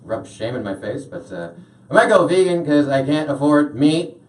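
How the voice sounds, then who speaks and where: A young man doing a stand-up routine in a comedy club, deadpan, with lots of "uh" fillers. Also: on the high side, moderate pace. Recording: roomy club sound from a distance.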